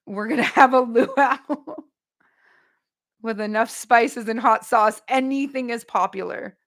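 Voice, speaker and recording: Woman, livestream host, joking, animated, slightly high voice. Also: unhurried. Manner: animated, joking, addresses chat as y'all. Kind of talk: casual livestream chat with viewers.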